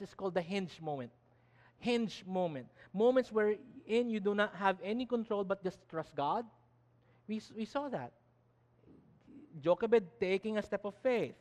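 A man preaching a sermon emphatically, often restarting his words. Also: high voice. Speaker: pastor. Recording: long reverb of a hall.

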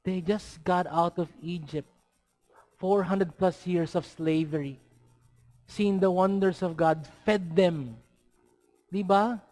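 Emphatic high-voiced preacher. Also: male voice, takes it slowly, long pauses, darkish tone. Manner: emphatic, rhetorical questions, mixes in Tagalog words. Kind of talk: sermon.

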